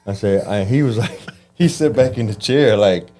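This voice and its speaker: A man telling his life story in an interview, animated and acting out the voices of people he quotes. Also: fairly low pitch, moderate pace, faint music behind. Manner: animated, acts out quoted voices, frequent restarts. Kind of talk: conversational storytelling.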